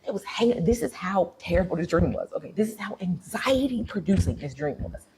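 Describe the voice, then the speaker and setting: A woman vlogger telling a story to her viewers in a chatty, animated way, full of fillers. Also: lowish voice, brisk, slight background noise.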